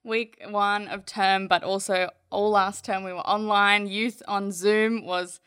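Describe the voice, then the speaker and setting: A young woman, a youth leader, chatting casually on a church podcast, relaxed and quick to laugh. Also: mid-range voice, clean tone.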